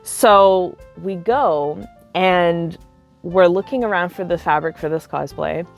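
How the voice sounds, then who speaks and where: A woman's voice: on the low side, slow pace, vocal fry, soft background music. A young adult woman telling casual stories to camera as a cosplay video creator. She talks in a chatty way, full of likes and you-knows.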